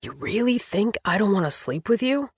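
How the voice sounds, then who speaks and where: A woman voicing a tender, worried adult husband who speaks low, soft and hesitant in an audiobook. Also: very animated, moderate pace, slightly rough, no echo.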